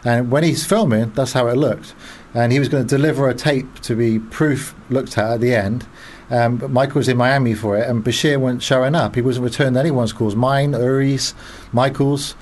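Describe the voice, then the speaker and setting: A man with a faint South African lilt tells stories as a radio guest. His voice sits at a middle pitch, and he stops and restarts often with plenty of "uh"s. A light hiss of background noise runs under his speech. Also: fairly even intonation, darkish tone. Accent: slight South African tinge. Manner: storytelling, halting with fillers and restarts. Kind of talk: anecdotal interview talk.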